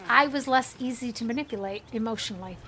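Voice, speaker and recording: An American woman chats her way through a game on stream, playful and quick to laugh. Her voice sits a little high, and faint noise hums under the recording. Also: fairly bright tone. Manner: chatty, playful, laughs often. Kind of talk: casual gameplay commentary.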